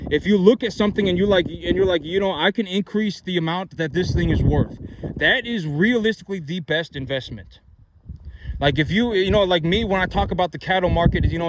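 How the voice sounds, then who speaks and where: Blunt man ranting with noisy background. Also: a little high. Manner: blunt, repetitive, peppers speech with "right?" and "you know". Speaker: farmer and investment vlogger. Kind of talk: blunt opinion monologue.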